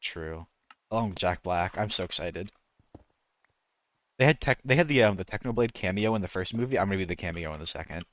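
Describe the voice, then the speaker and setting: In casual gaming stream chat, a man with a low, fairly bright voice talks in an animated way at a fairly quick pace. He rambles, breaks off mid-thought, and tries out voice impressions.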